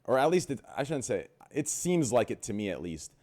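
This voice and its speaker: A man's voice: mid-range voice, brisk. A young man hosting a casual group podcast, brash and swearing, telling stories. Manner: brash, swearing, animated storytelling. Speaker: podcast host.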